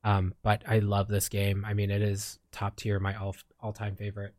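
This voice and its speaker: A man's voice: on the low side, completely flat delivery, moderate pace, a little mellow, dry recording. Young adult male from the Philippines, casual streamer chat, rambling and filler-heavy, dead-dry mic. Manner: rambling, many fillers and restarts. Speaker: streamer and podcast co-host.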